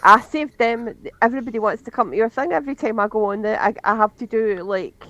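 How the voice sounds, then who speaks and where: A woman's voice: fairly high pitch, quick pace, fairly bright tone, no room sound, highs cut off. A woman playing a tabletop game, chatty and rambling, often speaking as her character. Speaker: player. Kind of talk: casual tabletop game chat.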